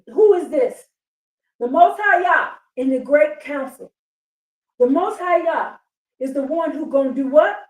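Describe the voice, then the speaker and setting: A woman's voice: high-pitched, roomy sound, far from the mic, poor audio. A woman on a live stream, reading a text aloud and preaching to her viewers in a fervent, emphatic way.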